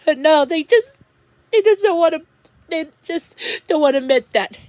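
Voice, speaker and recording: A woman talking to her viewers in an emotional rant, upset and close to tears, halting and restarting her sentences. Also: high-pitched, animated, no room sound. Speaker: vlogger.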